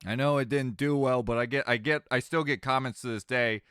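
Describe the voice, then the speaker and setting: A man's voice: medium pitch, steady tone, a little fast, a bit bright, smooth, dry recording, clean studio sound. A man with a slight Southern American twang chatting casually with viewers on a live stream, rambling and joking and laughing between sentences. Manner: rambling, jokey, often laughing mid-sentence.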